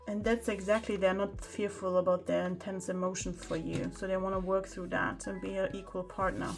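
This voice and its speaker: A woman talks through a pick-a-card tarot reading at a mid pitch. She chats and exclaims as she turns the cards. Faint music plays in the background. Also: little pitch movement, fairly quick, vocal fry. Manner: chatty, exclaiming over the cards. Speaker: tarot reader.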